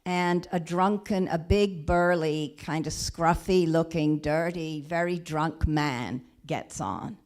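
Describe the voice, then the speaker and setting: A woman minister tells a story from the pulpit in a low voice, taking her time. She speaks gently and haltingly, often restarting her phrases. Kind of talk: storytelling sermon. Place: church or spiritual center.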